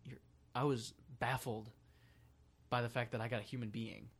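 Young male co-host, mid-pitched, blunt casual talker. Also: flat delivery, moderate pace. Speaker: podcast co-host. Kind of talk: casual chat.

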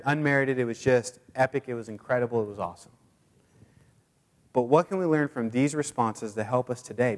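A man preaching to his congregation in a relaxed, conversational voice of middling pitch, peppering his talk with fillers and restarts. His voice rings through a church hall with a long, lingering reverb. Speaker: pastor. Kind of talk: sermon and prayer. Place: church sanctuary.

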